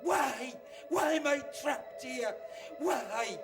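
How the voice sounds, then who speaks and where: A man voicing a furious, trapped woman spirit who shouts and laughs wildly. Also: extremely high pitch, lively intonation, extremely slow, roomy sound, over loud music, heavily acted. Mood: despairing. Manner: shouting, manic laughter, defiant. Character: angry trapped woman spirit, ranting, wild. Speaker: medium in a trance.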